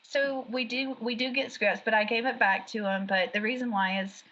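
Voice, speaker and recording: Chatty woman guest, lively storyteller, bright forceful voice, dull lo-fi recording. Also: fairly high pitch, normal speed. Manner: chatty, animated storyteller who laughs often. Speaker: guest, background actor. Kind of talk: casual interview chat. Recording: dull lo-fi sound.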